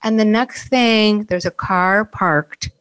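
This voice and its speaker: A woman's voice: mid-range voice, takes it slowly, a bit bright. A woman working as a psychic medium, casually and animatedly telling a story and acting out the voices.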